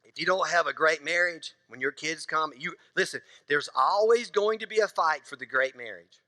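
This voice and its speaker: A middle-aged man preaches in a church, playful and conversational, slipping into quick little voices for husbands and wives. His voice sits high and bright. The sound is close and dry, but a long reverb from the sanctuary trails after him. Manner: conversational, joking preacher acting out little scenes. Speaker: pastor. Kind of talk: sermon.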